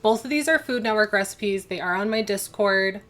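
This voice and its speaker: A woman's voice: medium pitch, normal speed, fairly bright tone, soft background music. A young woman hosting a casual cooking livestream from her home kitchen, chatting and rambling as she answers viewers' chat. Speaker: livestream host.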